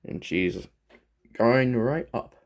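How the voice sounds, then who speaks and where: A man's voice: medium pitch, drawn-out words. A young Australian man showing his pet snake in a casual vlog, chatty and rambling, talking to his pets. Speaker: pet vlogger.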